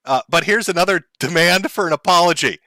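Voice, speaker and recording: Male streamer host, crude mocking commentary, bright tense tone, dry close sound. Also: high voice, a little fast, no echo. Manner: mocking, crude, laughs often. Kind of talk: profane comedic commentary.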